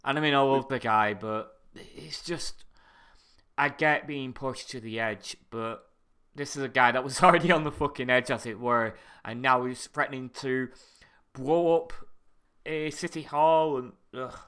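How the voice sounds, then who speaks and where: Bright British man, rambling and profane. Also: medium pitch, normal speed, clear, resonant tone. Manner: rambling, profane, drifts into tangents. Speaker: podcast co-host. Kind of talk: casual chat.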